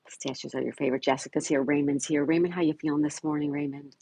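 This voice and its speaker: Husky man hosting a chatty livestream. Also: fairly high pitch, fairly even intonation, quick pace, darkish tone, no echo, low-quality recording. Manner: reads viewer comments aloud and greets chatters by name. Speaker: livestream host. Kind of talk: casual livestream chat. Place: home in Florida.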